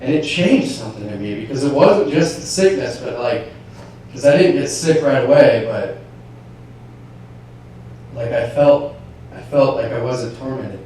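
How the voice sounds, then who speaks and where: A man preaching, telling a personal story and acting out his inner dialogue, with his voice swinging from hushed to shouting. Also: medium pitch, animated, unhurried, pauses often, slight background noise. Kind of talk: sermon testimony. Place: large church hall. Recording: echoey church hall from far off.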